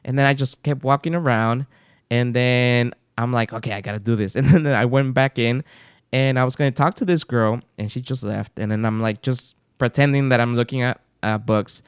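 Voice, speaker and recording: A man's voice: mid-range voice, fairly even intonation, moderate pace, clean tone, no echo, studio quality. A man co-hosting a podcast, telling a story in a casual chat and acting out the people in it. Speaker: podcast co-host.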